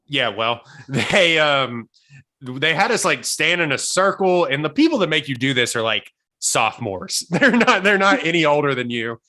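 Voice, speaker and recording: A man's voice: a little high, lively intonation, normal speed, sharp tone. A young man co-hosting a casual podcast, telling long rambling stories and laughing often. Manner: rambling storyteller, laughs a lot. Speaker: podcast host.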